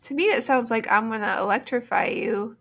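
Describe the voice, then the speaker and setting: A woman's voice: a little high, brisk, creaky, fairly bright tone. A woman co-hosting a podcast in casual chat, reacting with disbelief and asking questions. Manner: incredulous, asks questions. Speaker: podcast co-host.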